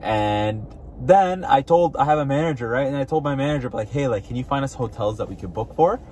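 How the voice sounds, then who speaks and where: A man's voice: medium pitch, expressive, brisk, a little mellow, slight background noise. A man vlogging, telling a story casually with lots of fillers. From Canada. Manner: chatty, filler-heavy.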